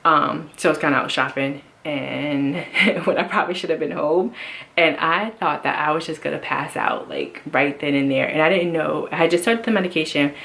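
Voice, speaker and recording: Woman vlogger, low pitch, chatty rambling delivery with lots of restarts. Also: normal speed, gravelly, a bit bright. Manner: rambling, many fillers and restarts. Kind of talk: casual personal health update.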